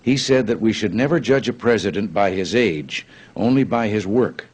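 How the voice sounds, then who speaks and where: An older American man telling humorous anecdotes in a folksy, unhurried way. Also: on the low side, darkish tone. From United States. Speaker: politician telling jokes.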